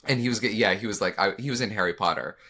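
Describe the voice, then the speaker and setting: Low-voiced guy, bright tone, chatty theatre podcast host rambling through a story. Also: very fast. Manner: chatty storyteller, many restarts and quoted asides. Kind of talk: casual chat.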